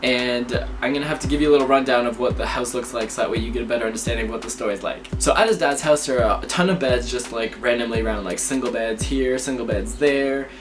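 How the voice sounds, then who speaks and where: A young man telling spooky personal stories to camera in a lively, chatty way. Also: mid-range voice, fast talker, few pauses. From Canada. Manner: lively, chatty, acts out his reactions, laughs often. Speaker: vlogger. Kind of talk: casual storytelling to camera. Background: background music.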